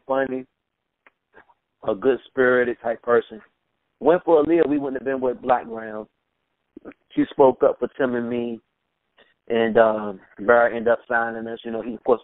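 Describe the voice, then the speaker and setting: A man talks as an interview guest and tells stories in a relaxed, easygoing way, with quick laughs between them. His voice sits at an ordinary middle pitch. The sound is thin and phone-like, with no room echo. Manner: laid-back storytelling, quick laughs, mimics voices in anecdotes. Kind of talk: casual recollection over a phone interview. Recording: tinny phone line, dry.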